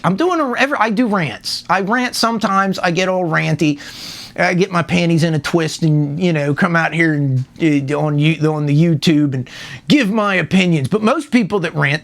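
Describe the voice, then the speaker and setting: A man's voice: fairly high pitch, gravelly, fairly bright tone. A man ranting casually about elections in a rambling, irreverent way, full of restarts and the odd curse. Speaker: host of a rant video. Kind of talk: casual opinion rant.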